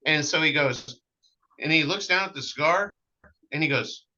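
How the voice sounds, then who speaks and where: A man, a cigar maker, telling animated stories in a casual interview, with many fillers and restarts. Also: fairly high pitch, normal speed, dull audio. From American Midwest.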